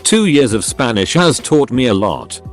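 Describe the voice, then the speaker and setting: A man reading short funny stories aloud as a scripted narration, with a lively storytelling delivery. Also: medium pitch, normal speed, faint music behind.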